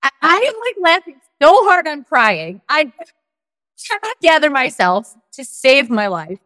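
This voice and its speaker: A woman's voice: high voice, very animated, measured pace, bright, forceful tone, no room sound, clean studio sound. A woman telling a personal story on a podcast, rambling and full of "like", acting out what people said. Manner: rambling, full of "like" and acted-out quotes. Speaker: guest storyteller.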